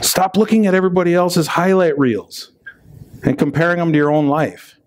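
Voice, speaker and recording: A man's voice: fairly high pitch, normal speed, background noise. A man preaching a sermon as a pastor in a conversational way, reading scripture and joking between passages, often checking in with "right?".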